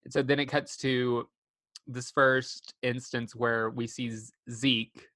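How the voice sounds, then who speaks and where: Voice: medium pitch, level tone, slow, pushed and bright, no room sound. A podcast host in enthusiastic, giggly casual chat about a movie, recorded on a dry close microphone.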